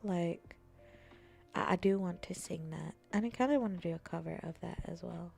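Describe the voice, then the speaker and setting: A woman streamer chatting casually with her viewers, playful and often slipping into soft whispers. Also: fairly low pitch, normal speed, gravelly, faint music behind. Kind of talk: casual chat.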